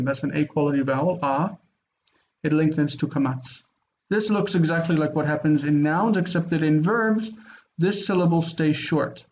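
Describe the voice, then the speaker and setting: A man's voice: fairly high pitch, a little mellow, lo-fi sound. A man teaching a grammar lesson online, explaining rules step by step in a casual way with fillers. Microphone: computer mic on video call.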